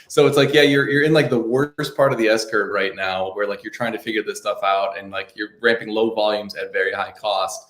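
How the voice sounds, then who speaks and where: A man's voice: fairly low pitch, a little fast, few pauses. Male panelist, eager and chatty, heard with roomy echo. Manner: excited, lots of "like". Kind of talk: casual panel chat.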